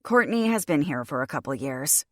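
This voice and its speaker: A woman's voice: low-pitched, expressive, moderate pace, no room sound. A woman voicing a wary, blunt young woman from California in an audiobook, in a dry, close recording. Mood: guarded. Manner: guarded and blunt.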